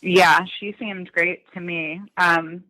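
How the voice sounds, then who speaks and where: A man's voice: sits high, flat delivery, slow pace, sharp tone, no room sound, low-quality recording. A man in his thirties from Massachusetts, talking reflectively in a podcast interview with many ums and likes. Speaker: guest, son of a crime victim.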